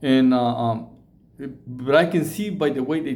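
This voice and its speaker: A middle-aged man from Mexico, telling a story to camera in halting, repetitive English mixed with Spanish slang. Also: mid-range voice, darkish tone. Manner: halting, many repeated words and restarts. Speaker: vlogger.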